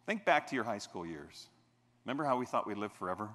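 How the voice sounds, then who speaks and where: A man's voice: fairly low pitch, very animated, fast talker, a bit bright. A man on stage giving a motivational keynote, telling funny stories with playful asides to the audience. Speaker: keynote speaker. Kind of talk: motivational keynote with humorous storytelling. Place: large convention hall stage. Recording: echoey convention hall.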